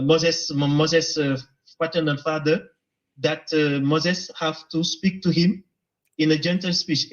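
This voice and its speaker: A man calling in to a debate show, speaking hesitantly with many pauses and restarts. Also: fairly high pitch, lo-fi sound. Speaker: caller. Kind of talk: phone-in debate.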